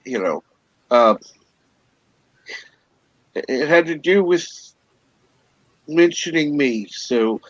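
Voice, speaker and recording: Male host, slow and halting, lively pitch, dry dull recording. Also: no room sound. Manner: hesitant, lots of fillers. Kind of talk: casual chat on a live stream. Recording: dull, muffled stream audio.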